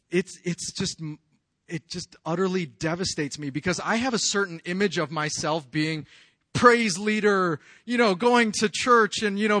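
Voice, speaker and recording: A pastor in his thirties delivers a sermon in a high-pitched voice, earnest and confessional, swinging from hushed lines to loud, raised outbursts. The recording has no room sound.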